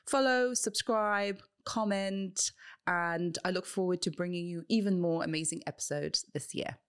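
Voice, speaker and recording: A woman's voice: fairly low pitch, a little slow, clear, resonant tone. A woman hosting a show, interviewing and then chatting upbeat to viewers while wearing headphones. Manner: upbeat, chatty, thanks and wraps up warmly. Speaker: host. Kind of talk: interview and casual explanation to viewers.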